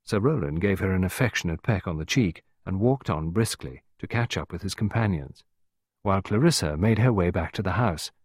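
A man giving an expressive scripted storybook narration as an audiobook narrator. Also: deep voice, fairly quick, husky, dry recording, studio quality.

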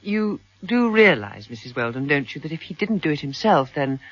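An actress playing a composed young woman sleuth in a radio drama, asking calm, tactful questions. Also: sits low, moderate pace, dry recording. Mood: probing. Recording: dull lo-fi radio broadcast.

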